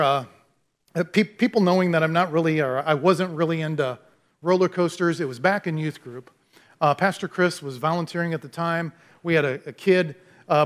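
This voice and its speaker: High-voiced pastor telling lively stories. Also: male voice. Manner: animated storytelling, self-deprecating humor. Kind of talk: sermon with closing prayer.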